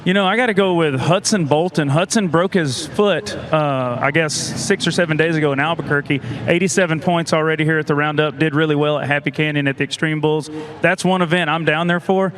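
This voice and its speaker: A man's voice: a little high, a little fast, a bit bright, a little hiss or hum. A man analyst in a casual panel chat, joking and playful about his picks. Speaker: rodeo analyst.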